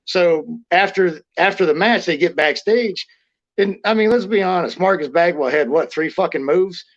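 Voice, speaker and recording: A man's voice: high-pitched, normal speed. A middle-aged man, a former wrestler, telling stories in a casual interview, blunt and profane, rambling with restarts. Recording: lo-fi muffled audio.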